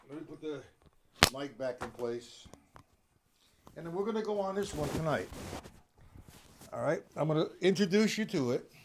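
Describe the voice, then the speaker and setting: A middle-aged man leads a live-streamed drum lesson. His pitch rises and falls freely as he explains sticking patterns and talks to viewers. His tone is animated and instructive. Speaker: drum teacher.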